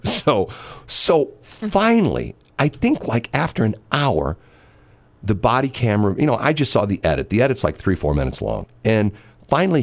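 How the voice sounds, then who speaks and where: A man's voice: fairly low pitch, vocal fry. A man hosting a casual chat, telling a long story in a rambling way with many fillers and restarts.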